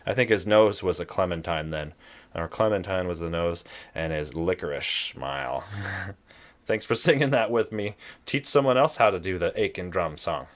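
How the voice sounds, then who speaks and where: A man's voice: deep voice, normal speed. A man teaching an online music lesson for kids, playful and demonstrative, with a lot of singing and voice play. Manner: playful, sings and demonstrates voice sounds.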